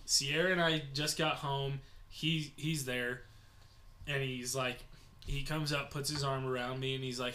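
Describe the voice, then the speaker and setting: A young man casually telling a story to friends, animated and swearing freely, dropping into lower voices to mimic the people in it. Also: normal speed, a little hiss or hum.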